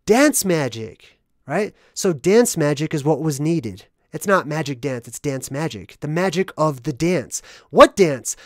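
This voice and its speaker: A video host rambling through a casual monologue about hidden movie meanings, tagging nearly every point with "right?" and swinging between loud bursts and quiet asides. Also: mid-range voice, no echo, studio quality. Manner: rambling, constant "right?" tag questions. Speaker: movie analysis vlogger.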